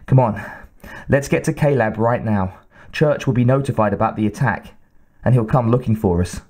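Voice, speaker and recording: A man's voice: mid-range voice, normal speed, a little mellow, lightly acted. A man voicing a frightened young woman officer under attack, pleading and breathless. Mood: urgent.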